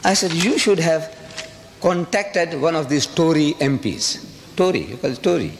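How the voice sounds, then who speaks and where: A man from South Africa lectures an audience with a lively, swooping delivery, firing off rhetorical questions and hammering points through repetition. His voice sits a little high and rings with a long hall echo over faint background hum. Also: moderate pace. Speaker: public lecturer. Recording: reverberant hall with faint ambient noise.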